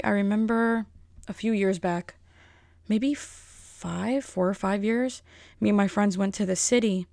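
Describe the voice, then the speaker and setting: A young woman telling stories in a rambling, animated vlog style, with frequent fillers. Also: mid-range voice, dry recording, clean studio sound. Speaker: vlogger. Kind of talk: casual storytelling.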